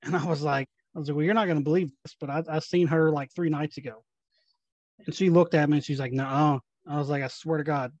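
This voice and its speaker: A young man from Tennessee, a paranormal investigator, telling ghost stories in a casual, animated way and acting out the dialogue. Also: on the high side, quick pace, no echo, lo-fi sound. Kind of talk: casual storytelling.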